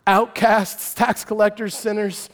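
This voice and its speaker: A man preaching a lively, conversational sermon and acting out characters with shouts and asides. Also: high-pitched, unhurried. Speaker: pastor. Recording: long hall reverb.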